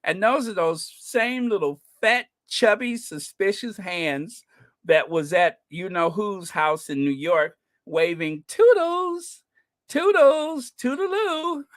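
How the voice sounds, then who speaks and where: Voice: medium pitch, slow, fairly bright tone. A channel host giving casual, scornful commentary, reading comments and news items aloud and often breaking into laughter.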